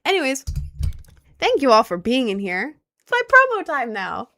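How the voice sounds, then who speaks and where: A woman's voice: sits high, wildly swooping pitch, normal speed, long pauses, pushed and bright. A woman in her twenties chatting casually as a streamer, out of breath, giggly and rambling. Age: 20s. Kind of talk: casual chat.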